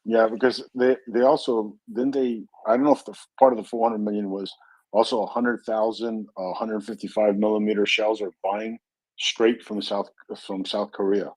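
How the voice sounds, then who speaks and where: A man with a fairly low voice chats and jokes in a casual online talk, often stopping to restart his sentences. His sound is dry and close. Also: level tone, normal speed, darkish tone, no echo, poor audio. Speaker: panel regular asking questions.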